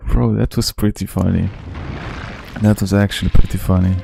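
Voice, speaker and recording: A man's voice: sits low, fairly even intonation, moderate pace, vocal fry. A man hosting a casual let's-play, joking and talking to himself as he plays. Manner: joking, talks to himself while playing. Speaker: gaming channel host. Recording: game music playing loudly behind the voice. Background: game music.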